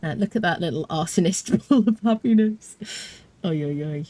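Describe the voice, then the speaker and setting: A woman's voice: fairly low pitch, normal speed, mellow. A British woman streaming a game live, chatting casually, rambling with fillers and answering her chat. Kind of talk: casual live gameplay commentary.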